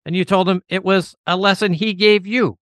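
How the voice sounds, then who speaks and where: A man's voice: sits high, steady tone, normal speed, a bit bright, clean tone, dry recording. A man hosting a podcast, setting up stories for his guest to tell. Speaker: podcast host. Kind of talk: interview questions.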